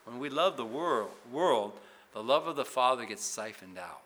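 A man preaching a sermon, asking the congregation many questions and swinging between loud emphasis and hushed passages. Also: mid-range voice, animated, moderate pace. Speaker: pastor.

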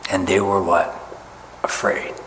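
A man's voice: mid-range voice, animated, a little slow. A man preaching a sermon, reading scripture and explaining it in a folksy, conversational way, often asking his listeners rhetorical questions. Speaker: pastor. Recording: echoey hall with faint ambient noise.

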